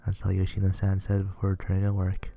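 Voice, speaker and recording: A man's voice: sits low, monotone, fast, gravelly, dark tone. A man reading a visual novel aloud in an earnest, plain manner, with small stumbles. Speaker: reader playing a visual novel.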